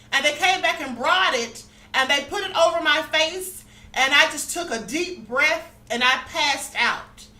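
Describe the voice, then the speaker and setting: A woman's voice: high voice, pushed and bright. A woman hosting a spirituality channel, earnestly telling her own story to viewers and often checking in with them. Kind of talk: personal spiritual testimony to viewers. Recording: echoey room.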